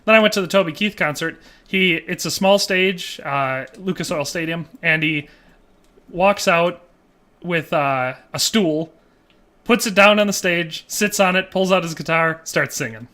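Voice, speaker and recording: Guy streaming and reading chat, bright forceful voice, a bit high, rambles and jokes around. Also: measured pace. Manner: joking, rambling storyteller. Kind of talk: casual chat while gaming.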